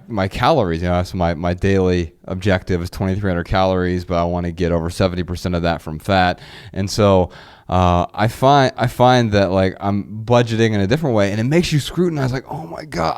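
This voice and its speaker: A man's voice: sits low, a little mellow, smooth. A man in his thirties co-hosting a podcast, talking casually and eagerly with a lot of restarts. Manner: rambling, enthusiastic, frequent restarts. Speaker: podcast co-host. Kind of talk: casual chat.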